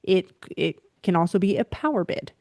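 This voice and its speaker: A woman giving parenting advice as a faith-based behavior coach, teaching in an animated, emphatic way and checking in with listeners. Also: lowish voice, normal speed, no room sound, clean studio sound.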